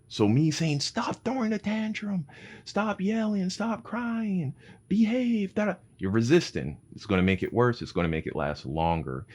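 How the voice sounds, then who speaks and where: A man with a deep, low voice talks to his audience in a loose, casual monologue. His pitch swings widely as he gets animated, and he swears freely and drops in "bro" as he goes. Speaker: parent giving advice.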